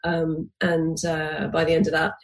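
A woman in her forties, a podcast guest telling a personal story with lively restarts and acted-out quotes. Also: low-pitched, unhurried. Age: 40s. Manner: animated, acts out quoted dialogue with restarts.

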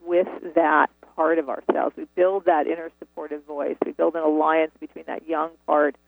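A woman's voice: low voice, steady tone, normal speed, creaky, no echo. A woman author telling her story earnestly and reflectively in a phone interview, over a tinny phone line. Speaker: author and guest.

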